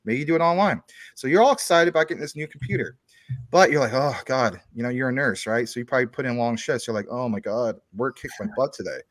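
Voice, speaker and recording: A man's voice: medium pitch, fast, no room sound, studio quality. A man talking as a guest on a casual chat show, explaining things at length through long everyday analogies.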